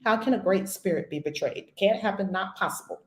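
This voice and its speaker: A woman giving a spiritual lesson as a teacher, blunt and animated, swearing casually. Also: mid-range voice, brisk. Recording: echoey room.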